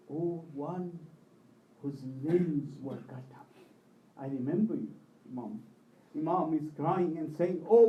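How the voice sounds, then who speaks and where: A man's voice: fairly high pitch, dull audio. Impassioned male preacher in echoey hall. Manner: impassioned storytelling, voice rising and falling with emotion. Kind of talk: religious sermon. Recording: echoey hall, mic at a distance.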